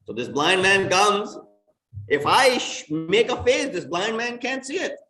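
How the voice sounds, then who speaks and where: A man preaches in a fairly high voice, stressing his points with sharp rises and drops. He is heard from a distance in a roomy, echoing mosque hall. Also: sing-song, measured pace, over music. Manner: emphatic, rising and falling for stress. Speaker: imam. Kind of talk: sermon. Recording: echoey mosque hall from far off.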